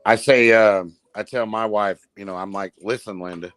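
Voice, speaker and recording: Lowish-voiced man telling a story. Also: steady tone, normal speed, a bit bright, smooth. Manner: storytelling, stammering restarts. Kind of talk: casual chat.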